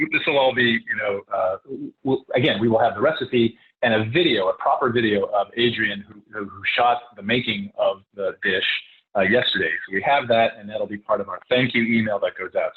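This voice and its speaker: Man, online host, loose casual delivery; tinny video-call audio. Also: medium pitch. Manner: loose, rambling, upbeat.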